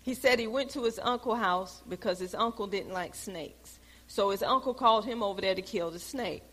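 A woman teaching a Bible lesson in a preaching style, telling stories with lively, loud exclamations. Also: mid-range voice, moderate pace. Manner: animated storytelling, rises to loud exclamations. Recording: long hall reverb.

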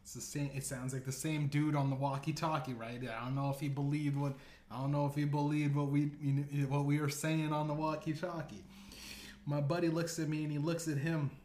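A man's voice: fairly high pitch, little pitch movement, brisk, darkish tone. A man hosting a podcast, telling a rambling comedic story full of profanity and asides. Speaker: podcast host. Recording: echoey room.

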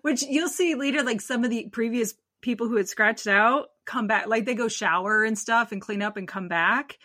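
Female podcast co-host with a bright, sharp voice; animated, drops to a murmur at the ends of lines. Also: a little high, normal speed, no echo, clean studio sound. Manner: animated storyteller, trails off quietly at ends. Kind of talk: casual chat.

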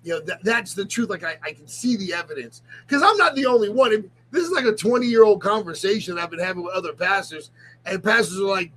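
A middle-aged man talking in an emotional confessional vlog, close to tears, halting and often restarting his sentences. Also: high-pitched, animated, sharp tone, husky, rough recording. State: on the verge of tears. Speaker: ministry leader and vlogger.

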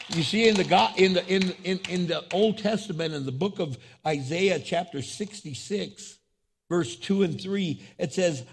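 A male pastor preaching a sermon to a church and online viewers, swinging between loud, high climaxes and low, quiet asides, and acting out quoted voices. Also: normal speed, breathy edge. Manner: preaching with big swings in pitch and loudness, voicing quoted speech.

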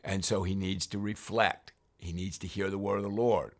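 A man's voice: deep voice, steady tone, normal speed. A man reading scripture aloud and explaining it in a devotional Bible teaching, reading verses and then reflecting on them. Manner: reads verses then explains them, often saying "remember".

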